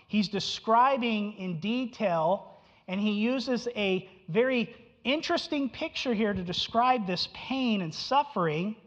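A male preacher teaches emphatically, repeating his key phrases and asking his listeners questions. His voice carries a long echo through a hall. The recording is dull and muffled. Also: sits high. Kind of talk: expository sermon.

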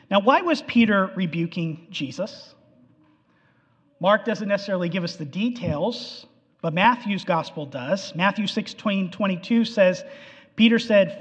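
A man preaching a sermon, animated and acting out the quotes, in an echoey hall on a dull, lo-fi recording. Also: sits high, moderate pace, breathy edge.

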